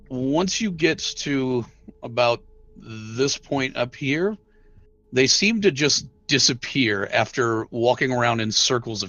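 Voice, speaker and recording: A man narrating a tabletop role-playing game as game master, slow and halting, with many filler words. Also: medium pitch, fairly bright tone, dull audio.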